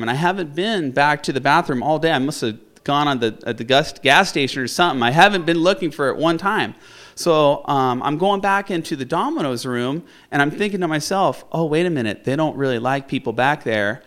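A man telling a funny personal story, animated and often laughing, acting out the people in it. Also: on the high side, a little fast. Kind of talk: personal story told to an audience.

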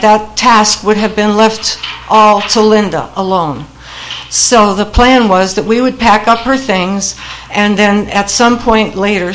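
A woman's voice: mid-range voice, fairly bright tone, rough recording. Wry older woman telling a family story. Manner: wry and humorous, laughing at her own story. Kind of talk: personal storytelling.

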